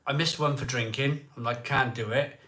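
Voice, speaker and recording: A man's voice: medium pitch, fairly even intonation, moderate pace, pushed and bright, a little hiss or hum. A man hosting a live beer stream, telling a rambling story in a chatty way, repeating himself and acting out what people said.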